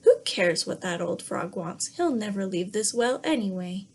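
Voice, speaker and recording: A woman's voice: medium pitch, expressive, normal speed, a little hiss or hum, natural voice. A woman voicing a spoiled little princess in a storybook read-aloud, speaking in a whiny, demanding way. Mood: eager.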